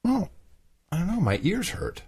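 A man co-hosting a podcast in casual chat, animated and jokey, now and then slipping into put-on accents. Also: high-pitched, normal speed, slightly rough. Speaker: podcast co-host.

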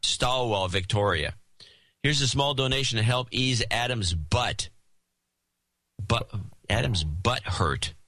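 A man's voice: mid-range voice, expressive, slow pace, long pauses, sharp tone, no room sound. A man co-hosting a podcast, reading listener letters aloud with jokey asides and a taste for put-on voices. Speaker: podcast co-host reading donor notes.

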